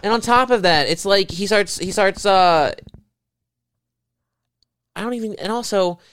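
Profane rambling young man, smooth voice. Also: high-pitched, unhurried, no room sound. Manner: rambling, profane, riffing with rising excitement. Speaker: podcast co-host. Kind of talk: casual comedic banter.

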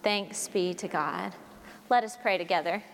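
A woman preacher reading scripture and giving a sermon in a measured, expressive storytelling manner. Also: on the low side, creaky, a little hiss or hum. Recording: long reverb of a large hall.

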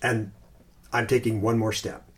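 A man hosting a podcast, talking casually and thoughtfully about Christian meditation, pausing and restarting, sometimes reciting phrases slowly. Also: on the low side, little pitch movement. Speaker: podcast host.

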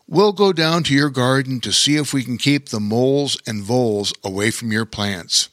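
A man voicing a gentle, kindly male bear in a children's story, calm and reassuring. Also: mid-range voice, moderate pace, dry recording, studio quality, lightly acted.

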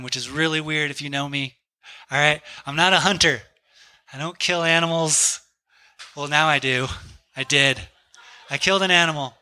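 A man in his thirties preaching a sermon, telling a story and acting out a friend's excited quotes. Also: fairly high pitch. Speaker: pastor.

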